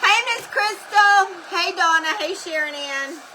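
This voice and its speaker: A woman hosting a live craft demo, chatting loudly and greeting viewers by name as she works. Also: extremely high pitch, a little slow. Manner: says she is talking very loudly. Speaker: craft livestream host. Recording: noisy room with heat gun running. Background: heat gun whirring.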